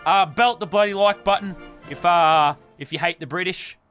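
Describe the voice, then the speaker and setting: A young Australian man with an Australian accent, cracking jokes, swearing and getting excitable as he commentates a game. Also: sits high, normal speed, faint music behind. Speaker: gaming video host. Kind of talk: gameplay commentary.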